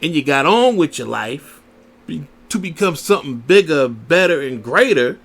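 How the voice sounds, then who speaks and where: A man's voice: on the high side, very animated, normal speed, vocal fry, a bit bright. A man hosting a radio show, ranting in a blunt, profane and preachy way. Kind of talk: profane solo radio rant.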